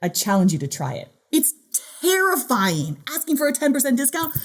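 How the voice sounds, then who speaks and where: A woman giving a motivational keynote talk in a playful, animated way, acting out the voice in her head. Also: sits high, quick pace. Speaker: keynote speaker.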